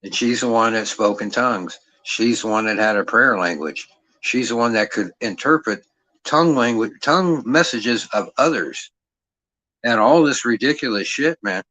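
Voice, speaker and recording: A middle-aged man's animated, mid-range voice carries a bright, forceful edge as he goes off on a livestream at a moderate pace. Mocking and aggressive, he curses nonstop and taunts the listener with rhetorical questions. The audio is low quality, dry and close-miked, with no room sound.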